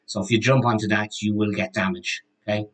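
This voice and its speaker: Low-voiced man running a tabletop game. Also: level tone, fairly quick, a bit bright, rough recording. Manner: casual, laughing, explains rules. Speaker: dungeon master.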